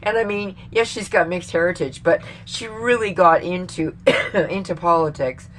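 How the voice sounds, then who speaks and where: Vlogger, woman, low-pitched, rambling and profane, quick to laugh. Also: a bit bright, a little hiss or hum. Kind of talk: casual opinion rant to camera.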